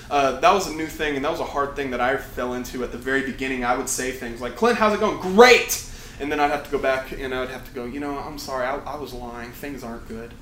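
A man's voice: mid-range voice, a bit bright, a little hiss or hum. A young man preaching a casual sermon to a campus ministry, often restarting and correcting himself. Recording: echoey room with faint ambience.

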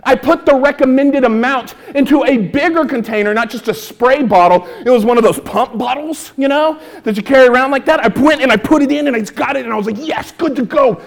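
A male stand-up comedian telling a story to an audience, acting out his own lines and now and then shouting them. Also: very high-pitched, brisk, creaky, hardly any pauses.

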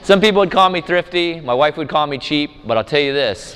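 A man, preaching at a conference, telling a family story with lively acted voices. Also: on the high side, normal speed, hardly any pauses. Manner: animated storyteller, acts out his small daughter's voice. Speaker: conference speaker and campus minister. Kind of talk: sermon with storytelling. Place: conference hall. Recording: echoey hall with long reverb.

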